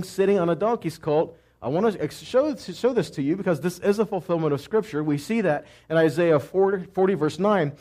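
A man with a high voice preaches a teaching sermon and often asks his listeners questions before answering them himself. He moves between loud cries and quiet asides. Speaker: messianic teacher.

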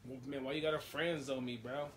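A man's voice: medium pitch, fairly even intonation, fairly quick, slight background noise. A man in a comedy skit, talking in a laid-back, slangy way and calling everyone bro.

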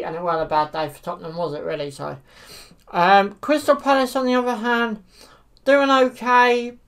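A woman giving casual football predictions to camera, hesitant and full of fillers. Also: mid-range voice. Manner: hesitant, many fillers like "you know". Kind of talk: casual solo commentary to camera.

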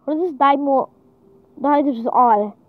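Woman gamer, very high voice, slow halting delivery, panicky exclamations, tinny phone-like dry sound. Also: dry recording. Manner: excitable, frequent panicked exclamations. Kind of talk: panicked gameplay commentary.

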